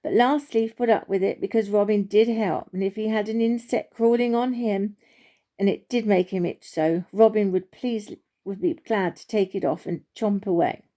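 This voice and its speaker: A woman with a mid-range voice reads a children's storybook aloud, gentle and unhurried. Her tone stays steady, though she makes small slips and restarts.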